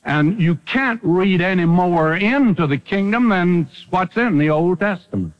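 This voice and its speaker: A man preaching in a lively sermon voice that climbs and drops all over his range. He moves from ringing declarations to quiet, low asides. The sound is dull and muffled, like an old radio broadcast. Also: a little slow. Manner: dramatic, swings from loud to hushed.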